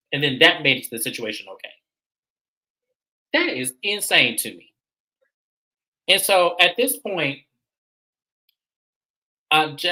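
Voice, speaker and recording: Bright, emphatic recap host. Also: medium pitch, poor audio. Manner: emphatic, opinionated, repeats points for effect. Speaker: reality show recap host. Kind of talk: casual recap commentary.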